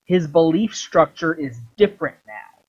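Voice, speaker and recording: A man retells a game's story in a long, excited ramble, swearing freely. His voice sits a little high. The recording sounds dull and lo-fi. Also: measured pace, breathy edge. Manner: animated, heavy swearing. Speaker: video creator.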